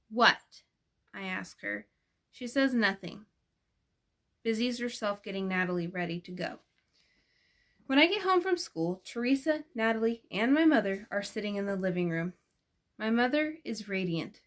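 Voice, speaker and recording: A woman narrating a first-person novel as an audiobook, gentle and expressive, changing her voice for the characters. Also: a little high. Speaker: audiobook reader.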